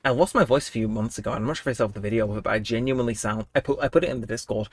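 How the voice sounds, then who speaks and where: Talking very fast in a husky, medium-pitched voice, this young man chats casually with viewers while streaming a game. He's got a cold coming on and laughs a lot as he rambles.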